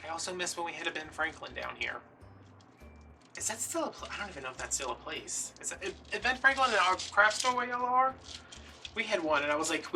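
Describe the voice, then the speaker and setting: A chatty man tells rambling stories while crafting. His voice is bright and slightly high. It is caught from a little way off the mic, over a faint hiss. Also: fairly quick, far from the mic. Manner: chatty, rambling and playfully dramatic. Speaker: craft video host. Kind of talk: casual storytelling while crafting.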